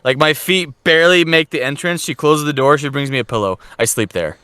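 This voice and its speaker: A man's voice: a little high, fairly quick, sharp tone, clean tone, no room sound. A young man telling a long crude story in a casual podcast chat, swearing often and acting out quotes with laughs.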